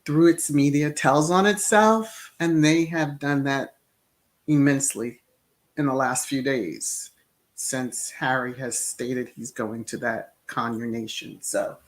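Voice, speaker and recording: A woman's voice: extremely low pitch, fairly even intonation, slow. A middle-aged woman hosting a casual livestream, chatting and laughing as she reacts to viewer comments. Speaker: channel host. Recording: roomy echo.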